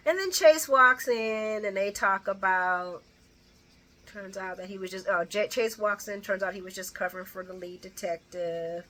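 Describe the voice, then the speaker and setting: Brief: woman host, bright chatty delivery, rambling casual recap with restarts. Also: medium pitch, moderate pace. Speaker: soap opera recap host.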